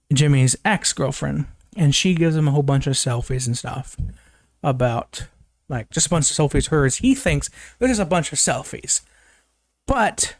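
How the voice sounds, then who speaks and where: With noticeable vocal fry, a young man recaps a movie casually as a reviewer, rambling through fillers and restarts, laughing and swearing from time to time. He jumps into a high pitch to quote characters, and the sound is clean studio audio without echo.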